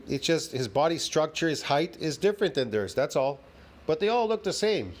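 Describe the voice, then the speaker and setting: A man's voice: on the high side, animated, moderate pace. A man ranting heatedly and profanely as he reacts to a fitness video, repeating himself and swearing often.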